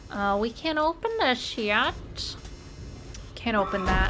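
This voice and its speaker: A woman narrates her own horror-game run in a casual, unhurried way. Her voice sits a little high, and she swears in jumpy outbursts between dry, joking asides. Soft game music runs quietly behind her. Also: expressive. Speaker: gamer playing a horror game. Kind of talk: casual let's-play commentary.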